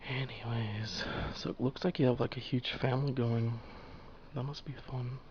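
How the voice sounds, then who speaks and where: A man's voice: mid-range voice, fairly even intonation, moderate pace, slight background noise. A young man in a casual, profane monologue while drawing, laughing often and full of fillers. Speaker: vlogger drawing on camera. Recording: dull lo-fi home recording.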